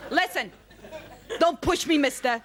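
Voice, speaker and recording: A woman's voice: sits high, measured pace, crowd noise. A woman playing a bossy courtroom judge in a comedy sketch. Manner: bossy, exasperated. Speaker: mock judge.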